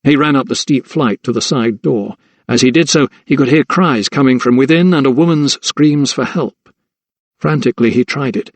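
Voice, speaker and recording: The narrator, a man, reads scripted text from a historical mystery audiobook in a suspenseful, measured manner. His voice is of ordinary middle pitch, and the sound is dry and close with no room sound.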